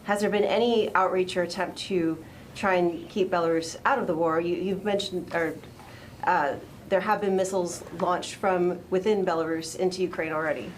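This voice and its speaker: Low-voiced woman reporter asking questions. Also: steady tone, moderate pace, a little hiss or hum. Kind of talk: asking questions at a press briefing.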